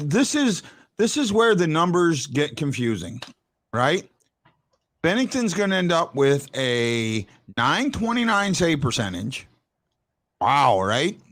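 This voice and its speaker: Hosting a laid-back postgame sports show, this man has a fairly high pitch and a fairly bright tone. He keeps restarting his sentences with a stammer and gets emphatic whenever he argues a point.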